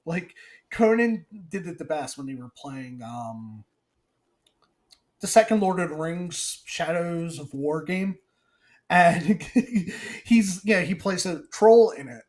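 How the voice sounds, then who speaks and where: A man co-hosting a podcast in casual chat, animated and laughing as he reads news items aloud. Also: on the high side, slow pace. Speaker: podcast co-host.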